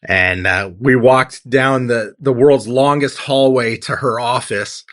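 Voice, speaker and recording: A man's voice: mid-range voice, slow, a bit bright. A man in his forties, a tattoo artist, giving a heartfelt personal testimony in an interview, acting out what he once said. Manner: earnest storytelling, acts out his own past lines.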